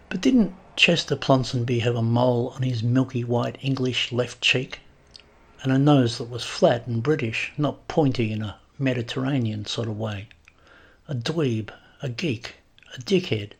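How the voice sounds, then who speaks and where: Guy reading a funny short story, dry deadpan delivery, husky gravelly voice. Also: medium pitch. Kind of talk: scripted narration of a comic short story.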